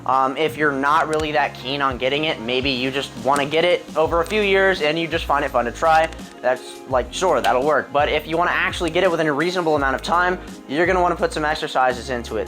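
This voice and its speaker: Young male coach, voice a bit high, loose rambling delivery full of ums, soft music behind. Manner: rambling, many ums and throat clears. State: a little out of breath. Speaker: calisthenics coach. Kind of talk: casual fitness tutorial. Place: home with a pull-up bar.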